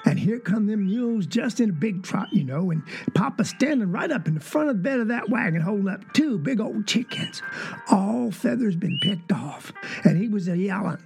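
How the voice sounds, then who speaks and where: Performed as a rural Southern child telling an old family story, drawing out phrases with folksy asides. The Southern accent is thick, and the voice has a gravelly, creaky edge. Faint music sits underneath. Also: medium pitch, expressive, normal speed, darkish tone. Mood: earnest, wondering. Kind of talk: dramatic monologue.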